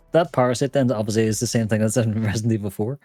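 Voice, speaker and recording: A young man hosting a casual co-op gaming stream, laid-back and quick to laugh while keeping up with his chat. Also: fairly low pitch, darkish tone, dry recording. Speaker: streamer and host.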